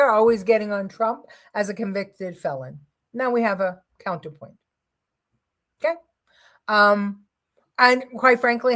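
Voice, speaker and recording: A woman's voice: medium pitch, a bit bright. Blunt, heated woman hosting a talk show. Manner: blunt and heated, with frequent ums and uhs. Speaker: host of a live news talk show. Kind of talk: opinionated live commentary.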